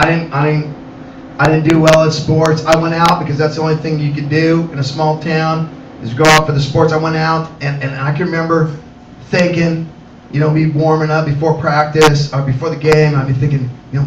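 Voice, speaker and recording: A middle-aged man performing animated stand-up comedy at a cafe comedy night, talking to the audience. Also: fairly high pitch, fairly quick, highs cut off. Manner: animated, acts out voices, addresses the audience. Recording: roomy, distant mic, loud background noise.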